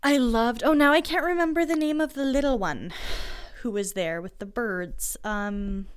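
A woman's voice: a little high, normal speed, smooth. A woman co-hosting a casual book discussion, talking in an enthusiastic, emotional, chatty way. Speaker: podcast co-host.

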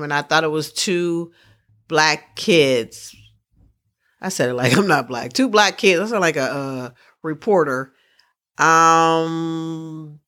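A woman's voice: low-pitched, a bit bright. A woman hosting a podcast, rambling through sports news in casual chat and often restarting her sentences. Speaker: podcast host.

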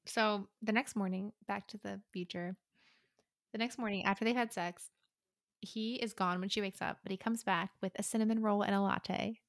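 A woman's voice: mid-range voice, fairly even intonation, normal speed, dry recording, studio quality. A woman co-hosting a casual book chat podcast, talking loosely with lots of fillers and acting out characters' lines. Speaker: podcast co-host.

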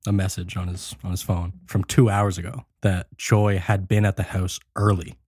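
A man hosting a casual podcast, retelling a film scene by scene and acting out the characters' lines in quick bursts. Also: low voice, level tone, a little mellow, slightly rough, no echo, studio quality. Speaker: podcast host recapping a film. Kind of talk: casual chat.

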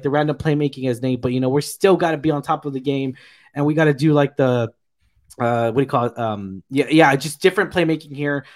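A man co-hosting a casual TV review chat, retelling scenes in a rambling, filler-heavy, enthusiastic way. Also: mid-range voice. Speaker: podcast co-host reviewing a TV episode.

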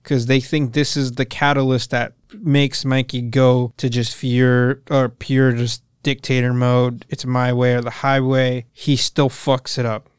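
Young man, podcast co-host, swears a lot, smooth clear voice, dry close sound. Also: medium pitch, unhurried, hardly any pauses, no echo. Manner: profane, animated retelling with quoted voices. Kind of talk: casual chat recapping a show.

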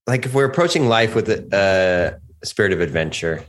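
A man's voice: low-pitched, lively intonation, moderate pace, fairly bright tone. A man in his forties co-hosting a podcast, chatting casually in a rambling, reflective way with frequent laughs. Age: 40s. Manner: rambling, reflective, laughs often, restarts sentences. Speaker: podcast co-host. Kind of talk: casual chat.

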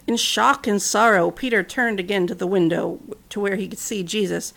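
A woman in her thirties, a podcast host narrating a storybook in an earnest, gentle way. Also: medium pitch, moderate pace, vocal fry. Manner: earnest, gentle, conversational asides.

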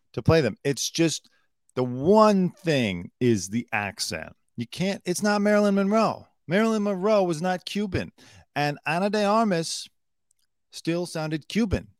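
A man's voice: mid-range voice, no room sound, clean studio sound. A man hosting a live news commentary show, blunt and opinionated, swearing freely and swinging between emphatic outbursts and muttered asides. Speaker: show host.

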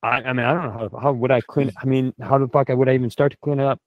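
A man's voice: medium pitch, steady tone, rapid-fire, dry recording, muffled recording. A man on a podcast doing improvised comedy banter, profane and full of mock threats. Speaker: podcast co-host.

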